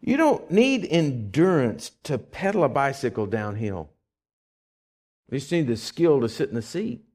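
Animated pastor preaching. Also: male voice, medium pitch, measured pace. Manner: animated, conversational preaching with rising bursts. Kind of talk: sermon. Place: church.

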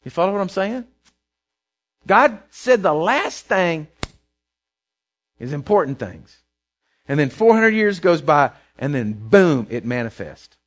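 Preacher guy, lively sing-song delivery, talks right to the crowd, goes soft n quiet for prayers, kinda muffled recording. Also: a little high, takes it slowly, long pauses. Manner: conversational, checks in with listeners, shifts to soft quiet voice for prayers. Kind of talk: sermon. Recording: dull lo-fi recording.

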